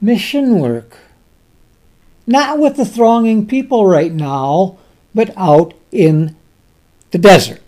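A man preaching a sermon and reading scripture in King James wording. He speaks emphatically, with dramatic pauses and sudden swings between loud and soft. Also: high-pitched, very animated.

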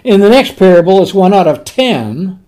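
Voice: medium pitch, big pitch swings, normal speed, dark tone. A preacher delivering a sermon on a parable in a folksy, conversational way, repeating key words for emphasis.

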